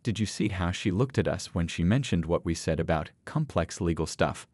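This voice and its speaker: Brief: man doing a hushed, anxious young lawyer, low and dry. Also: lively intonation, normal speed, dry recording. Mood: panicked. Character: panicked young male lawyer.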